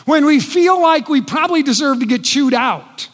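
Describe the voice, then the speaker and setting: A man preaching a sermon in earnest, his voice dropping soft and quiet when he speaks quoted words. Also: extremely high pitch, animated, normal speed. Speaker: pastor. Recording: long reverb in a large hall.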